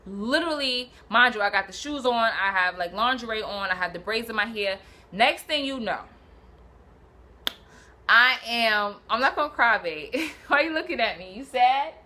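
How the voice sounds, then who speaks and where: A young woman from Brooklyn, telling a personal story in a casual, animated, slangy way and acting out what people said. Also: on the high side, normal speed. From Brooklyn, New York. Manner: animated, swearing, slangy, acts out quotes.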